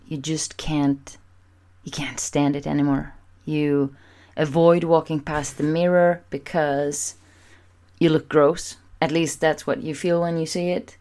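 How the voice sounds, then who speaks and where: A woman's voice: deep voice, darkish tone. A woman speaking candidly to camera in a personal vlog, talking with emphatic repetition. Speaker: vlogger.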